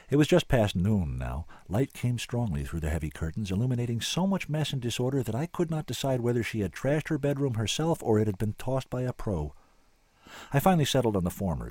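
A man's voice: on the low side, darkish tone, no echo. A man giving dry, wry first-person scripted narration as an audiobook narrator.

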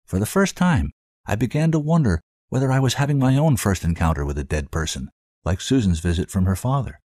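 Expressive male story reader, dry and close. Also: fairly low pitch, brisk, no echo. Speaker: host and reader. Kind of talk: scripted fiction narration.

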